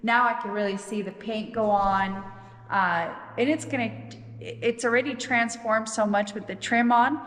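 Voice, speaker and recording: A woman's voice: a little high, fairly even intonation, moderate pace, fairly bright tone. A woman vlogging in casual chat about her workshop project, talking in a chatty, enthusiastic way. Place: unfinished shop building. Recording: echoey roomy shop with long reverb.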